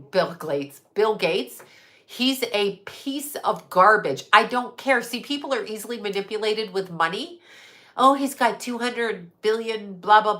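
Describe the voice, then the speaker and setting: A woman's voice: mid-range voice, bright, forceful tone. A woman hosting a livestream, ranting heatedly with lots of swearing and rambling restarts. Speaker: livestream host. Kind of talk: unscripted livestream rant.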